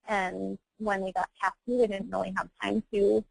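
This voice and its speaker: A woman in her thirties, an adoptive mother, telling her family story candidly in a webinar, animated and laughing often as she acts out quotes. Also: medium pitch, moderate pace, creaky, no room sound, rough recording. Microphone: webinar call mic.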